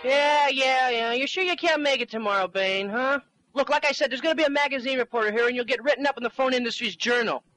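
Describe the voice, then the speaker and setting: A man acting in a comedy skit, excitable and quick-tempered, with a whiny edge. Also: extremely high pitch, a little hiss or hum, low-quality recording. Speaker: comedy phone-tape performer.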